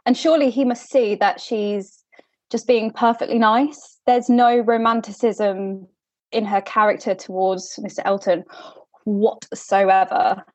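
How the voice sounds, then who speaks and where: A young woman hosting a podcast, chatting casually and in an animated way, often restarting her sentences with a laugh. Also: mid-range voice, unhurried, no room sound. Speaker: podcast host. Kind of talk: casual chat. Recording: dull lo-fi audio.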